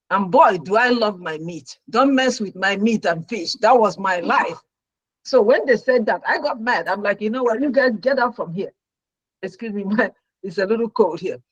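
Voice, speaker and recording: Middle-aged female guest, nurse, dramatic storyteller, dry voice, mid pitch. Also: moderate pace, slightly rough, no echo, highs cut off. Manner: animated storyteller who acts out her own past reactions. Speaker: talk show guest, registered nurse. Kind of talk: personal story told on a talk show.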